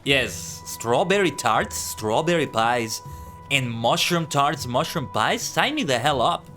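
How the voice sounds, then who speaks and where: A man chats his way through a game stream, rambling and often tripping over his words. His voice sits at a middling pitch but swings up and down a lot. Faint music plays underneath. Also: sing-song, slow, sharp tone. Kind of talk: casual gameplay commentary.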